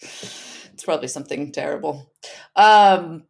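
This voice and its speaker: A woman's voice: low-pitched, measured pace, vocal fry, a little mellow. A woman co-hosting a podcast in casual chat, rambling and often laughing as she talks. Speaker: podcast co-host.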